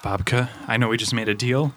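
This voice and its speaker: A man's voice: mid-range voice, steady tone, brisk, fairly bright tone, a little hiss or hum. A man playing a tabletop role-playing game, talking through his moves in a casual, thoughtful way. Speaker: player.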